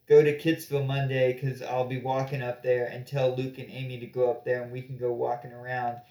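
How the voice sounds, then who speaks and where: A man's voice: medium pitch, fairly quick. Male podcast co-host, casual and echoey. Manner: relaxed, joking, with many fillers.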